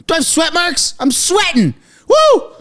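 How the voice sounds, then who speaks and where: Breathless guy streaming from his basement, all over the place, shouting then mumbling. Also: sits high, moderate pace. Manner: excitable, shouting, swinging from frantic to muttering. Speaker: political commentary streamer. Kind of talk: live news reaction stream. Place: home basement.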